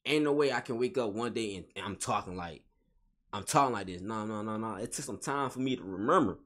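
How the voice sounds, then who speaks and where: Speaking fairly quickly in a lowish, somewhat bright voice, this male vlogger gives a spiritual pep talk in slangy, casual language. Every phrase gets repeated and restated for emphasis.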